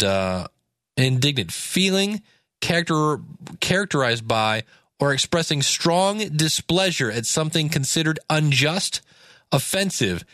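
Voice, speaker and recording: A man's voice: medium pitch, fairly bright tone, no echo, studio quality. A man giving a casual Bible study talk, reading scripture aloud and breaking off into plain asides with fillers. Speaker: Bible teacher.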